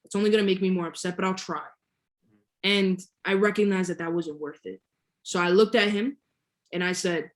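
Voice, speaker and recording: A woman's voice: medium pitch, steady tone, moderate pace. A young woman, a guest entrepreneur, telling a story in a casual interview, laughing often and stretching key words. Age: young adult.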